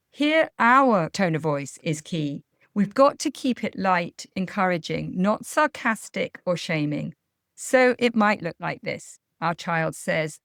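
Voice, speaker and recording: Calm woman giving parenting advice. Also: lowish voice, gravelly, dry recording, studio quality. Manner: calm, measured, explanatory. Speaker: parenting coach. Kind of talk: podcast advice talk.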